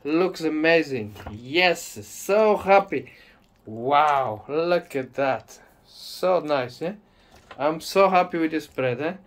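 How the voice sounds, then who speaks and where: Slow, enthusiastic man. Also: fairly high pitch, animated. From Madeira, Portugal. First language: Portuguese. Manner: enthusiastic, repeats tag question "eh?". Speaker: home cooking host. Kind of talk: casual cooking demonstration.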